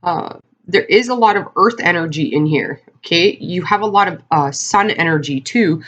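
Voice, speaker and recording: A woman's voice: lowish voice, normal speed, lo-fi sound. A woman giving a casual tarot card reading to her viewers, talking in a chatty, rambling way with lots of fillers and asides. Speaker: tarot reader.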